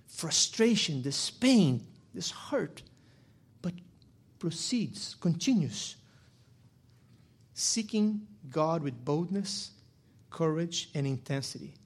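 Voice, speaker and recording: A man delivers a sermon from the pulpit in a somewhat high, husky voice. He drops into quiet, low reflection, then rises to loud, emphatic preaching. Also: animated, slow pace, pauses often. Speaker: pastor.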